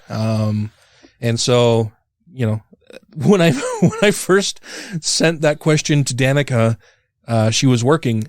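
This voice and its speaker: A man in his thirties co-hosting a podcast, telling a story in a rambling, self-deprecating way with many fillers, jumping up in pitch when he acts out his own panic. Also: a little mellow, no echo, studio quality. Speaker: podcast co-host. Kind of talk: casual chat.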